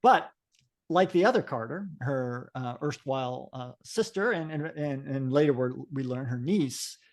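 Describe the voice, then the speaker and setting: A man's voice: mid-range voice, expressive, unhurried. Male co-host, casual chat, meandering delivery with many restarts. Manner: rambling, frequent fillers and restarts. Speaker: podcast co-host. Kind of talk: casual podcast chat about comics.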